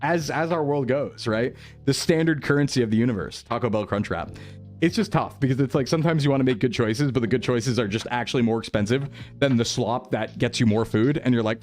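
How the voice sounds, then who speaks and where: A man's voice: medium pitch, fairly quick, darkish tone, faint music behind. A man streaming live, chatting casually with viewers in a rambling, upbeat way and often repeating himself.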